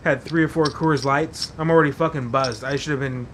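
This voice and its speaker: A male podcast host tells a story in a loose, rambling way, swearing constantly and leaning on fillers. His voice sits a bit high for a man. A faint low rumble runs underneath. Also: fairly even intonation, fairly quick, a bit bright. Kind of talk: casual storytelling.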